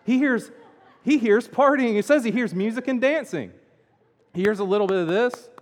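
A man preaching a sermon as pastor, swinging between loud emphatic lines and quiet asides. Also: extremely high pitch, normal speed. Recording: long hall reverb.

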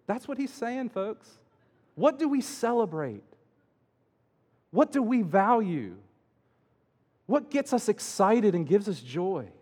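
A man preaching a sermon as pastor, swinging between loud emphatic lines and quiet asides. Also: high-pitched, very animated, slow, long pauses. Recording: long hall reverb.

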